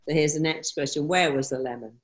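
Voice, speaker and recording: Low-voiced woman, animated. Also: brisk, low-quality recording. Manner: animated, acts out quoted phrases. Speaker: therapist guest. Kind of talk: interview answers.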